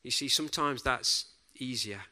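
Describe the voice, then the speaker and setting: A man preaching a sermon in a deliberate, reflective way, often dropping to a soft hush on key words. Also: mid-range voice.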